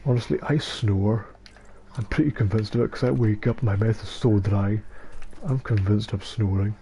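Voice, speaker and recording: A nineteen-year-old Scottish man chats loosely through a late-night game stream, tripping over his words and poking fun at himself. His voice is somewhat low and dopey. Game noise runs clearly behind him. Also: fairly even intonation, moderate pace, warm tone. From Scotland. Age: young adult, about 19. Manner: rambling, self-deprecating, stumbling over words. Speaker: gaming streamer. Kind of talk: casual late-night gaming chat. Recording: noisy game audio behind.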